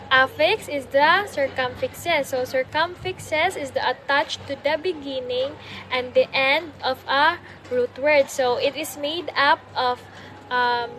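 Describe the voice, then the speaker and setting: A young woman presenting a class report, explaining carefully and haltingly, with frequent pauses and fillers. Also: high-pitched, fairly bright tone, a little hiss or hum. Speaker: student presenter.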